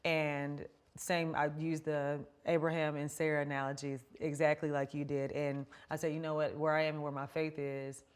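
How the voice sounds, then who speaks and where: Woman host with a deep low voice, candid and chatty, telling her own stories. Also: little pitch movement, normal speed, few pauses, clear, resonant tone. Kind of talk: casual conversation.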